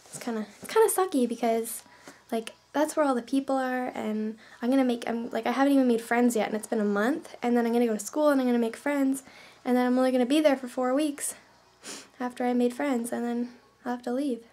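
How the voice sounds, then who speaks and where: A woman's voice: a little high, steady tone, brisk, darkish tone. A woman from Canada, chatting casually in a vlog, rambling with lots of fillers. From Canada, New Brunswick. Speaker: vlogger.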